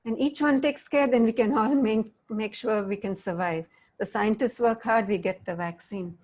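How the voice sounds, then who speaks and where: A woman's voice: on the high side, normal speed, a little mellow. A middle-aged woman leading an interactive online talk. She keeps asking the audience questions and acts out different tones of voice. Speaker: workshop facilitator.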